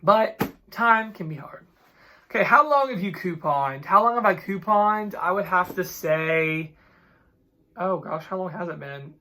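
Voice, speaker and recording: A young man in his twenties, chatting casually to his vlog audience. His voice is bright and forward, with a gravelly fry at the ends of phrases. He tells his stories with animated, exasperated energy. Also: sits high, a little slow. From Ohio, USA. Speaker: couponing vlogger.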